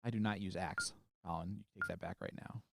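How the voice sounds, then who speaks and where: A man's voice: low-pitched, steady tone, brisk, gravelly, background noise. A man from the American Midwest co-commentating a darts final, teasing his partner with dry remarks. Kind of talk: live sports commentary with banter.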